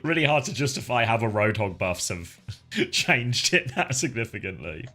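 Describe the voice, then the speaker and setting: A man on an esports broadcast, chatting casually with his co-caster and laughing easily between points. His voice is bright and sharp, with a lively, swinging pitch. He talks into a headset mic, and faint music plays behind him. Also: normal speed. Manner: laughs often, joking and chatty.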